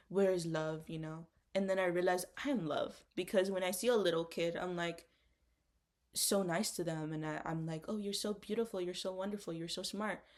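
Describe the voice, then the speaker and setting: A young woman co-hosting a casual podcast chat, talking in an earnest, encouraging way. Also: fairly low pitch. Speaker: podcast co-host.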